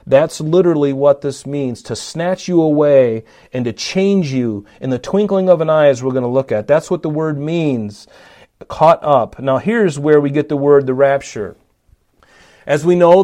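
A man's voice: fairly high pitch, normal speed, darkish tone. A man preaching a Bible-teaching sermon, emphatic, often saying "notice" and asking his listeners questions.

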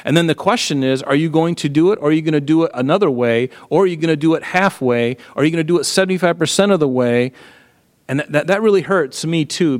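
A middle-aged man preaching a sermon in a conversational, animated way, full of rhetorical questions. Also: fairly high pitch, long reverb tail. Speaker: pastor.

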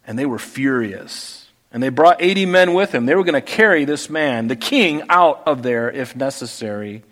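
A man preaching a verse-by-verse Bible study, reading passages aloud and explaining them with lively emphasis and quieter asides. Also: medium pitch, normal speed. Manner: animated, swings between loud emphasis and quiet asides. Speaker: pastor. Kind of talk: expository Bible teaching.

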